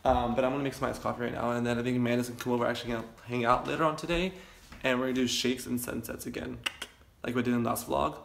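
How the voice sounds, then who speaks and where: Young dude vlogging at home, rambly and gravelly, echoey kitchen with noise. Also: male voice, medium pitch, flat delivery, rapid-fire. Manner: rambling, chatty, self-deprecating. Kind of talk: casual vlog chat.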